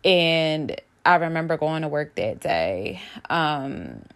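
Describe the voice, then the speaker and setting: Woman, young adult, deep voice, vocal fry, earnest, near tears, vlog confession. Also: sing-song, slow pace, fairly bright tone. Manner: emotional, earnest, talking straight to viewers. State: holding back tears. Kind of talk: personal vlog about grief.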